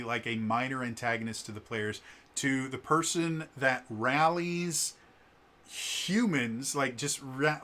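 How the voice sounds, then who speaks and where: Bright-voiced, stammering male game reviewer. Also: mid-range voice. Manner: stammering, frequent restarts and fillers. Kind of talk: casual review talk.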